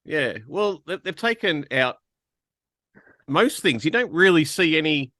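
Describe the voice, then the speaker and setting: A man recaps a film's plot in a casual podcast chat and slips in wry jokes. His voice is bright and forward. The sound is dry and close. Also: a little high, expressive, a little slow, no room sound. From Australia. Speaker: podcast co-host. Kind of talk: casual film review chat.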